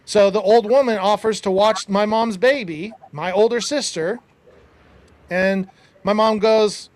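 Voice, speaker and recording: Male podcast host, high register, emphatic storyteller, dry close sound. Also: measured pace, dry recording. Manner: emphatic, preachy asides to listeners. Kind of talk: casual storytelling.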